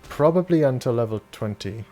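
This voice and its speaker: A young man from Germany talks casually over a game stream, rambling and swearing now and then as he answers chat. His voice sits at an ordinary middle pitch. Faint game music and keyboard typing are heard behind him. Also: lively intonation, fairly quick, dark tone.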